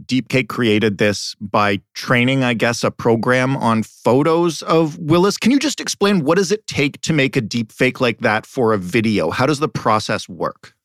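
A man hosting a podcast interview, asking questions in a relaxed, slightly wry way. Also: medium pitch, moderate pace, few pauses, dry recording, clean studio sound. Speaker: podcast host.

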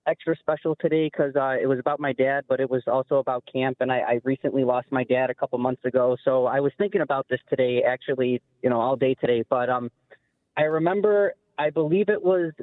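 A young man calling into a sports radio show, telling a long story in a rambling, animated way. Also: on the high side, no echo. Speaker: caller. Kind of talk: call-in storytelling. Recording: dry tinny phone line.

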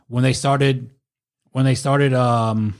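A man spins rowdy bar stories in a loose, profane chat. He laughs easily and drops into quick voices for the people he quotes. His voice sits at an ordinary middle pitch. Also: steady tone. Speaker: podcast guest, former bouncer. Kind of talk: casual storytelling.

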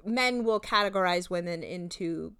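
A woman's voice: lowish voice, moderate pace, fairly bright tone, clear, resonant tone, no echo, studio quality. A young woman co-hosting a casual podcast, recapping a reality show with lots of fillers and voiced-out quotes. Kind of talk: casual chat.

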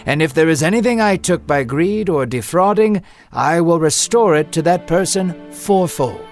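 A man's voice: a little high, animated, moderate pace, faint music behind. Zacchaeus, a small eager tax collector read by a man. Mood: declaring. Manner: eager and wondering.

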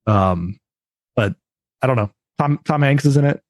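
With lively intonation and a medium pitch, this man chats casually at normal speed as a podcast co-host, and the recording has no room sound. His talk wanders, peppered with plenty of "like" and "uh."

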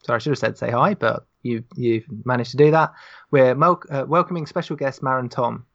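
A man's voice: medium pitch, fairly quick, vocal fry, a bit bright, lo-fi sound. A man hosting a politics podcast in a loose, joking way. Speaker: podcast host. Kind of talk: casual panel chat.

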